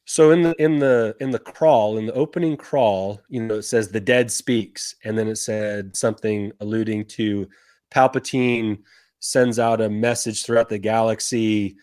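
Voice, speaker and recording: A man's voice: on the low side, fairly even intonation, a little slow, a little mellow, no room sound, studio quality. A man co-hosting a casual podcast over a remote call, speaking hesitantly with fillers. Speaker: podcast co-host.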